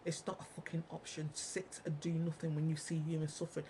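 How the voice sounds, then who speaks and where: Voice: medium pitch, level tone, fast talker, mellow, a little hiss or hum, poor audio. Furious, swearing ranter. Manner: ranting, heavily profane, repetitive. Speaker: vlogger. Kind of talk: angry monologue to viewers.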